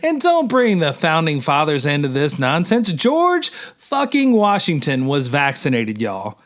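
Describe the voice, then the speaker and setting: Animated, emphatic male minister. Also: on the high side, unhurried. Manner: emphatic and animated, addresses listeners as y'all. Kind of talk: humorous sermon commentary.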